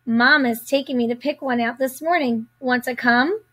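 A woman voicing a proud, excitable little girl in a storybook, chirpy and eager. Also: sits high, normal speed.

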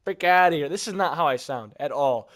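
A man with a worn, hoarse voice giving excitable, slangy gameplay commentary, yelling at scares and muttering between them. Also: on the high side, a little fast. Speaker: gaming video creator.

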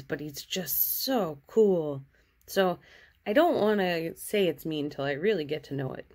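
A woman artist cheerfully and gently chatting through her sketches in a casual show-and-tell. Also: deep voice, animated, a little slow.

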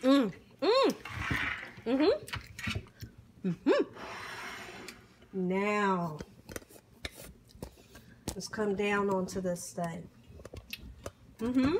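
A woman's voice: medium pitch, very animated, very slow, pauses often, a little hiss or hum. A middle-aged woman filming a casual food-tasting vlog, savoring each bite with hums, whoops and grateful exclamations. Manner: warm churchy exclamations and blessings. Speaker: cooking vlogger.

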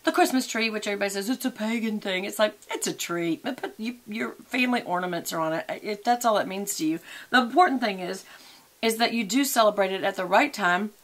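A middle-aged beauty and lifestyle vlogger chats casually and rambles in a makeup and lifestyle vlog, eating while she applies her makeup. She speaks fast in a mid-range, slightly bright voice.

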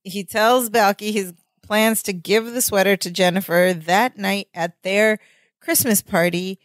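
A woman's voice: mid-range voice, fairly even intonation, no room sound. A woman co-hosting a podcast, chatting casually as she recaps a sitcom episode. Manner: chatty, fillers and quick asides. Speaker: podcast co-host.

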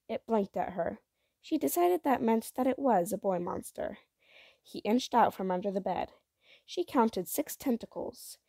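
A woman reading the first chapter of a children's novel aloud in a gentle, even storytelling voice. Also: medium pitch, measured pace, gravelly, no room sound, studio quality. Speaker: reader.

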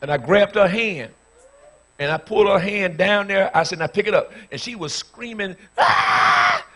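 A pastor in his fifties preaching a sermon, telling stories with bursts of shouting before moving into a fervent prayer. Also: high-pitched, normal speed. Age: 50s.

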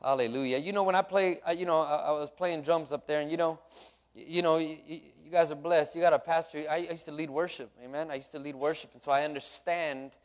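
A man's voice: fairly high pitch, fairly even intonation, fast. Fervent man leading church prayer. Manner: fervent, repeats hallelujah and amen, calls out to the congregation. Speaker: worship leader and drummer leading a church service. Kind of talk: lively church service exhortation and prayer. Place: church sanctuary.

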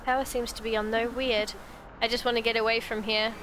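A woman's voice: fairly high pitch, little pitch movement, fairly quick, background noise. A woman playing a game and commenting casually, with wry, chatty asides. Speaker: let's play gamer.

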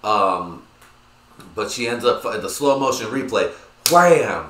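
A man hosting his own podcast, talking in a crude, rambling, excitable way with lots of filler. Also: lowish voice, unhurried, a little hiss or hum. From United States. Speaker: podcast host. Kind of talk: casual solo podcast rant. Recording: echoey room.

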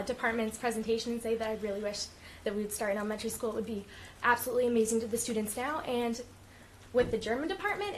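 A woman's voice: a little high, slight background noise. A teenage girl giving an earnest prepared statement at a school committee meeting, with frequent ums. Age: teens. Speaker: student speaker at public comment.

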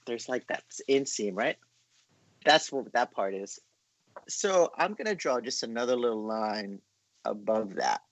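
A man leads a relaxed drawing class, talking viewers through each stroke in a chatty, encouraging way. His pitch moves a lot as he talks, and the recording is close and dry with no room sound. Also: no echo. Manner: chatty, encouraging, filler-heavy explaining. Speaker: art class host. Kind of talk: casual drawing lesson.

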